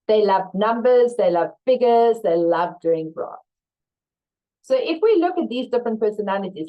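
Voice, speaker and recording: Speaking at medium pitch over lo-fi audio, this woman trains viewers in leadership during a live online masterclass. She reads their chat comments out and energetically performs staff lines in brief workplace role-plays.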